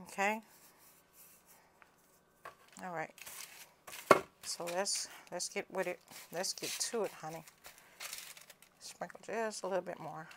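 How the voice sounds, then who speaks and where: A woman's voice: lowish voice, slow pace, pauses often, background noise. Folksy Southern woman teaching home cooking. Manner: folksy, chatty, calls viewers honey and cousins. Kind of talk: casual cooking demonstration.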